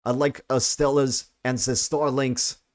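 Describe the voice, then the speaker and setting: A man's voice: mid-range voice, flat delivery, slow pace, dry recording, studio quality, lightly acted. A man putting on a hammy Irish-Russian voice. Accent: put-on Irish and Russian mix. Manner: loud, hammy, with chuckles breaking through. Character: clumsy Irish-Russian mix of a male voice.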